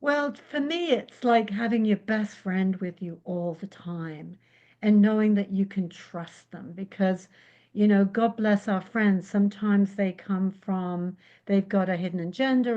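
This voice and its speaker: Animated woman guest telling stories. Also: medium pitch, lo-fi sound. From England. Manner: animated storyteller, acts out quotes. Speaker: guest psychic. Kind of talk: casual interview chat.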